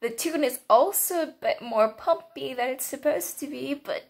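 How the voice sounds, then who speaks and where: A young woman giving casual reaction commentary on a TV episode, excitable and often breaking into laughter. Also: high voice, normal speed, vocal fry. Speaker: reaction video host.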